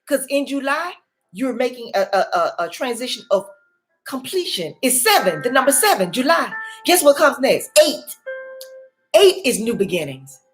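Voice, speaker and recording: A woman's voice: fairly high pitch, very animated, moderate pace. A woman in her forties or older, a life coach giving a faith-based motivational talk, repeating her key words for emphasis. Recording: faint music behind.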